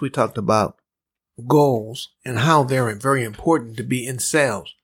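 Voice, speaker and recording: Male podcast host, dry close sound, slow and repetitive sales coaching. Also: mid-range voice, husky, no echo. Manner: measured, repetitive, acts out dialogue in his story. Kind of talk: motivational talk with a personal story.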